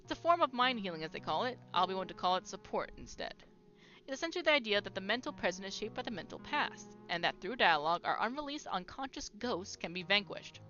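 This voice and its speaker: A woman's voice: mid-range voice, sing-song, quick pace, pushed and bright, dull audio, soft background music. A woman reading aloud as a long-winded, crude old male halfling scholar in a game, lecturing away.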